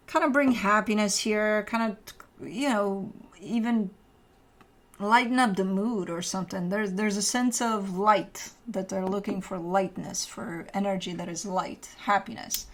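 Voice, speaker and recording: A woman's voice: medium pitch, steady tone, measured pace, fairly bright tone. Casual female tarot reader, talks off the cuff, meandering and filler-heavy. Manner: rambling, filler-heavy, chatty. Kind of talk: casual tarot reading to camera.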